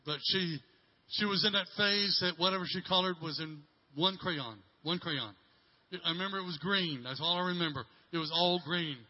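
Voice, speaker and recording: A middle-aged man preaches in a slightly high voice, telling a story with halting restarts and repeated words. He swings from loud emphasis to a hushed near-whisper. The sermon recording sounds dull and lo-fi. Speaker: pastor.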